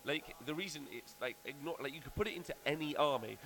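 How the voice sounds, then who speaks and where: A man's voice: on the high side, fast, a bit bright. A man hosting casual live-stream commentary at a tournament venue, rambling and blunt with casual swearing.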